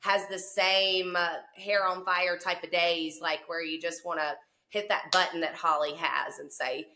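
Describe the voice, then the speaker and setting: Bright-voiced Southern woman from Mississippi. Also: lowish voice, unhurried. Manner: lively, chatty storyteller. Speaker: guest, cleaning company owner. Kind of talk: casual podcast chat.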